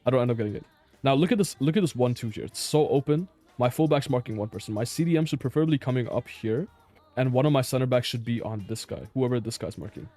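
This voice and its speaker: A man's voice: medium pitch, quick pace, mellow, soft background music. A man reviewing his own match footage in casual commentary, blunt and exasperated, swearing and laughing in disbelief at mistakes.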